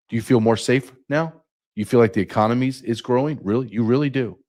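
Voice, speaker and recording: A man's voice: medium pitch, fairly quick, darkish tone. A middle-aged man hosting a podcast, delivering an angry, profane monologue full of rhetorical questions. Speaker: podcast host. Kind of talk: impassioned monologue.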